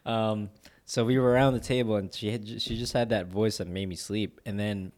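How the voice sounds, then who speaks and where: Young male co-host, fairly low voice, relaxed rambling chat full of fillers. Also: brisk. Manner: laid-back, rambling with many fillers. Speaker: podcast co-host. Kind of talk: casual chat.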